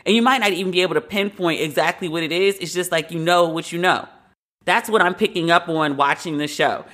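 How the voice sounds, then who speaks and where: A woman's voice: lowish voice, a little fast, fairly bright tone. A woman hosting a podcast, giving her frank opinions in a casual, conversational way. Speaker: podcast host.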